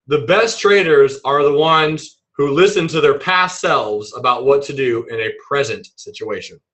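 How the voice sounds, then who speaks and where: A man teaching a trading webinar in a playful, animated way, acting out examples as he explains them. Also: a little high, poor audio. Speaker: trading instructor.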